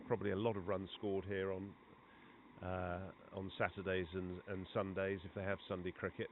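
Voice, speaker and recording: A man giving chatty live commentary on a cricket match. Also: deep voice. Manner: conversational, chatty between balls, rising excitement on big shots. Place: outdoor cricket ground. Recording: tinny phone-like line with clear background noise.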